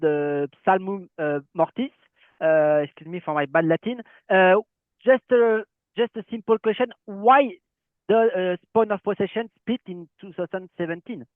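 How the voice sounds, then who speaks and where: A French-accented man hosts an interview, his voice high and set close and dry. He hesitates often, restarting his sentences with fillers. The sound is thin and narrow, like a phone call. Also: dry recording. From France. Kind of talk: casual interview. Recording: tinny phone-like call line.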